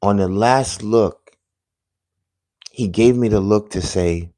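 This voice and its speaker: Man with a lowish voice for an earnest, halting vlog story, dropping to a hush at the tense parts, dry close sound. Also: no echo. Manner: earnest, halting, drops to a hushed voice at tense moments. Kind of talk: casual storytelling to viewers.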